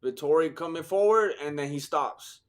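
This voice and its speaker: A man giving live, joking fight commentary in a hoarse, worn-out voice. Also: on the high side, normal speed. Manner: excitable, joking, sprinkles Spanish slang. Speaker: fight watch-along host.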